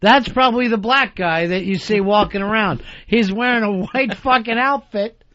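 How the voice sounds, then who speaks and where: A man's voice: high-pitched, moderate pace, a bit bright, no room sound, highs cut off. A man hosting a radio talk show who rants in a profane, mock-exasperated way.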